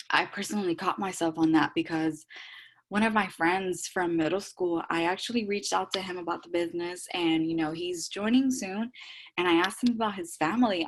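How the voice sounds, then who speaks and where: A young woman with a Texan accent who talks fast on a group call, warm and heartfelt, full of "like" fillers. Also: lowish voice. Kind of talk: emotional call sharing.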